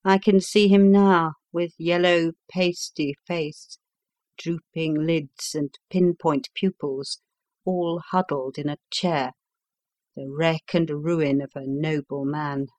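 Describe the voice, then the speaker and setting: A woman narrating a classic story as an audiobook, measured and unhurried. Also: sits low, fairly even intonation, darkish tone, no room sound.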